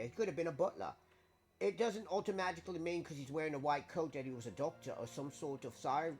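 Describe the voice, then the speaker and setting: A man hamming up a playful mock English bloke with an exaggerated put-on accent, chummy and cheeky, tossing in mate and love. The voice sits a touch high, with faint music behind. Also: lightly acted.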